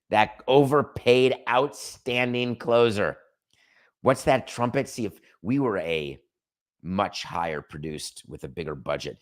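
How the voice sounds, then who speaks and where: A middle-aged man with a lowish voice delivers an opinionated sports commentary monologue as host of his show. He is sarcastic and emphatic, hammering his points home and mocking excuses. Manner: sarcastic, emphatic, rants with mock quotes.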